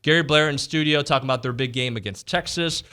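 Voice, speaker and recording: A man's voice: medium pitch, bright, forceful tone, clean tone. Upbeat, jokey male sports radio host. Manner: jokey, upbeat, quick to tease. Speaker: sports talk show host. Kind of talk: casual sports radio banter. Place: radio studio.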